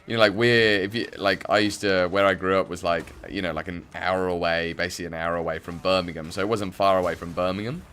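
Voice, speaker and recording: A man's voice: deep voice, steady tone, fast, hardly any pauses, a bit bright, a little hiss or hum. A young English man from the Midlands chatting casually and rambling with many fillers while he plays a game on stream. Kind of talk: casual chat while playing.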